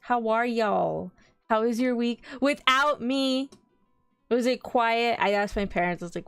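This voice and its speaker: A woman's voice: fairly high pitch, lively intonation, moderate pace, clear, resonant tone, no room sound, clean studio sound, faint music behind. A woman in her twenties streaming, chatting casually with viewers and telling stories in a bubbly way. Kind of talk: casual livestream chat.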